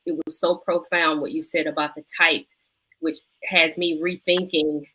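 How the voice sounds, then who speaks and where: A woman's voice: low-pitched, little pitch movement, normal speed, sharp tone, breathy edge, poor audio. A woman co-hosting a talk show, chatting playfully with the guest. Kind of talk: casual talk show chat.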